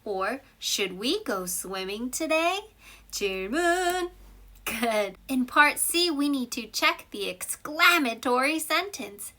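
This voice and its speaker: A woman's voice: high-pitched, expressive, slow pace, pushed and bright. A woman with a Korean accent teaching an English grammar lesson, switching between English and Korean and reading example sentences with big expression.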